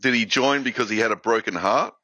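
A man in a casual chat, halting and full of fillers, reacting with short interjections. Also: mid-range voice, bright, forceful tone, no room sound. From Australia. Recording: dry, muffled podcast audio.

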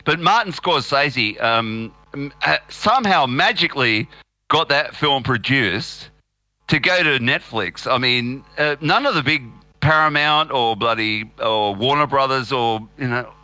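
A man hosting a podcast, chatting in a rambling, animated way. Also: mid-range voice, unhurried, no room sound. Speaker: podcast host. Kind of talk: casual chat.

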